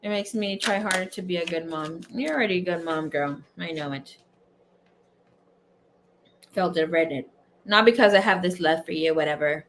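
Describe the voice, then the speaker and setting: A woman hosting a casual tarot livestream, telling stories to her viewers in a chatty, animated way, laughing often and swearing freely. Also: on the low side, moderate pace, long pauses, slight background noise. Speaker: tarot reader and livestream host.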